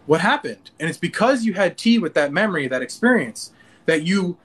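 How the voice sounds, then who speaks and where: High-voiced earnest man, animated. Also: brisk, breathy edge. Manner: earnest, animated, acts out inner dialogue with many restarts. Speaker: interview guest. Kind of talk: casual interview talk.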